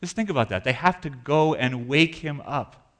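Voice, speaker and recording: Animated man preaching a sermon. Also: fairly high pitch, normal speed. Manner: animated, acts out panicked voices. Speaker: pastor.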